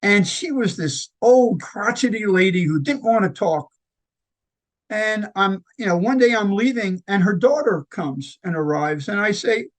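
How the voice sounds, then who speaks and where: A man who founded a nonprofit tells personal stories in an interview, halting with fillers and restarts and acting out the quoted lines. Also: high voice. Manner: lively anecdotal storyteller who acts out quoted lines. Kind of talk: conversational interview storytelling.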